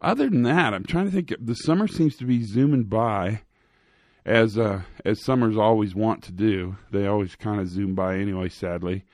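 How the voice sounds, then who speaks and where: A man hosting a podcast in a casual, rambling monologue, joking at his own expense and filling pauses with ums and restarts. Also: on the low side, a little mellow, dry recording, studio quality. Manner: rambling, self-mocking, with frequent fillers and restarts. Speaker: podcast host. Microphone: studio microphone.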